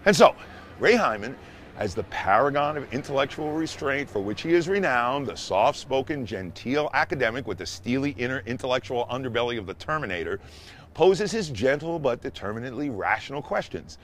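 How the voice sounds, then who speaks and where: A man hosting a show, telling a story as a monologue in a wry, sarcastic way that rises to excited emphasis. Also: medium pitch, a little fast, a little hiss or hum. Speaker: host and storyteller.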